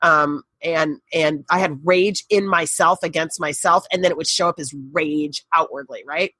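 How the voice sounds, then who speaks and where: A middle-aged woman, a podcast guest, telling a personal story in a candid, animated way and swearing casually. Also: sits low, moderate pace, no echo.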